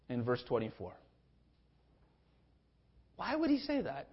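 A man preaching a sermon with impassioned swings in pitch and loudness, sometimes acting out the speakers in his text in a conversational voice. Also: huge pitch swings, normal speed, pauses often, husky, dull audio. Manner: acts out biblical speakers in a conversational voice. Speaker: pastor.

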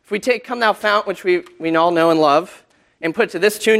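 A man's voice: high-pitched, brisk, vocal fry, a bit bright, soft background music. A man teaching a church class about hymn tunes, talking casually, with fillers, and humming short melody examples.

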